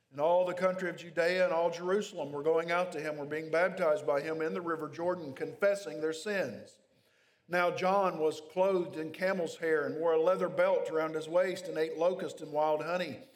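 A man delivers an expository sermon, reading scripture passages aloud and then unpacking them for his listeners. His voice sits a little on the high side for a man. The sound carries a long reverb, as in a large church sanctuary. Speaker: pastor.

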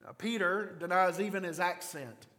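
Male pastor, Kentucky mountain accent, slightly higher voice, animated sermon, long hall reverb. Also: normal speed. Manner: animated storytelling, acts out quoted voices.

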